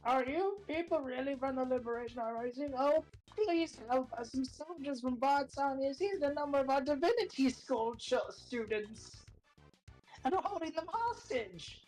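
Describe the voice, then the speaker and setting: A woman voicing a frightened townsperson who begs for help, in a higher, pleading tone. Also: animated, moderate pace, darkish tone, faint music behind, poor audio.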